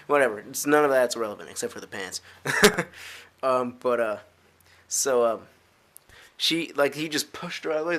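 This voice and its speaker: Teenage boy, casual vlog ramble, lots of "like"s, giggly asides, middle pitch. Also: moderate pace, a bit bright. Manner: rambling with many filler "like"s and restarts. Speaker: vlogger.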